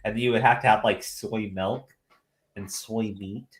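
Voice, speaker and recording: A man hosting a casual podcast, rambling and animated, swearing freely. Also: lowish voice, a little slow, background noise. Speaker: podcast host.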